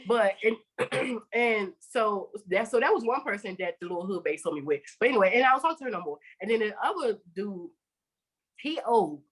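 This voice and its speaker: A woman's voice: medium pitch, animated, normal speed, husky, low-quality recording. A woman hosting a podcast, telling a story in casual chat and acting out both sides of the dialogue with plenty of swearing. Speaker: podcast host.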